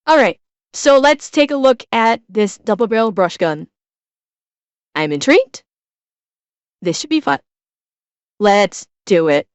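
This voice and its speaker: A woman's voice: on the high side, animated, slow, pauses often, smooth, no echo. A woman from Chicago with a Midwestern American accent, casually chatting with her chat while reacting to a video as a streamer. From Chicago, USA.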